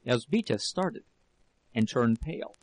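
A man narrating a novel in an audiobook with a steady, measured reading. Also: medium pitch, dry recording, low-quality recording. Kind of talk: scripted narration.

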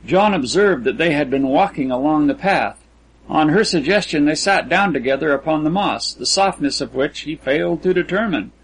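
Husky-voiced man reading a story aloud. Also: on the high side, lively intonation, moderate pace, poor audio. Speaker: audiobook narrator. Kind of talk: scripted literary narration.

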